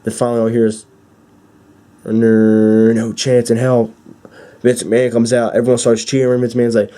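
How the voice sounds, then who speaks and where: Mellow-voiced young man rambling excitedly. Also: mid-range voice, moderate pace. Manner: excited, rambling, many fillers and restarts. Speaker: wrestling fan vlogger. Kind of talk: casual rambling recap.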